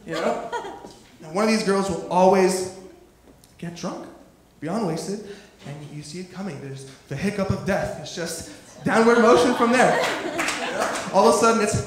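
A man's voice: high voice, lively intonation, moderate pace, long pauses, background noise. A young man doing brash, profane stand-up comedy in a comedy club. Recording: echoey comedy club with crowd.

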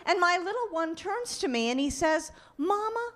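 A middle-aged woman doing a stand-up comedy set on a club stage, telling chatty, animated stories about her kids with mock outrage. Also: very high voice, moderate pace. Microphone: handheld stage mic. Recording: live club recording with audience. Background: audience laughter and room noise.

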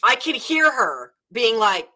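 A woman's voice: on the high side, very animated, slow, sharp tone, breathy edge. A young woman from Nashville with a Southern American accent, hosting a casual book club chat and retelling a story in a rambling way with lots of fillers. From Nashville, Tennessee, USA.

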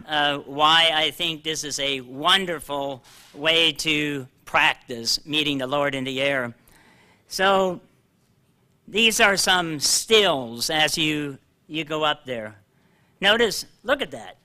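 Older guy preaching, high voice, real bright and forceful, jokes around then reads scripture slow. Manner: animated, self-deprecating, reads scripture slowly. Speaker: pastor. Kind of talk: sermon. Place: church hall.

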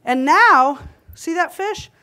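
Her voice is very high and sharp-toned, with lively intonation but a slow pace. She's cooking live for a conference audience on a hall's kitchen stage, joking and chatting, and she's slightly winded.

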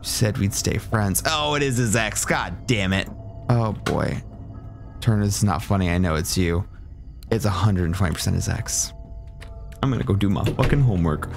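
Low-voiced man joking through a horror game. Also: lively intonation, normal speed, vocal fry. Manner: joking, swears a lot, drops into whispers. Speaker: gaming streamer. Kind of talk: horror game let's play commentary. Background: game music.

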